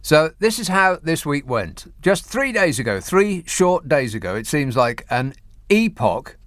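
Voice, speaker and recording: A man's voice: a little high, sing-song, a little slow, a bit bright, no room sound. A man hosting a radio phone-in, delivering mocking political commentary. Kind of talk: talk radio monologue and phone-in. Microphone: studio microphone.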